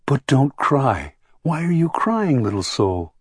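A man voicing a tired, gentle middle-aged woman in an audiobook, soft and reassuring, with a husky voice. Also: medium pitch, big pitch swings, a little slow, no echo, clean studio sound, voice pushed up. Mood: tender. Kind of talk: audiobook character reading.

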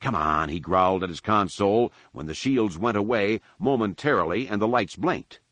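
A man giving a measured, dramatic audiobook narration of an action story. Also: fairly low pitch, fairly bright tone, no echo. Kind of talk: scripted narration.

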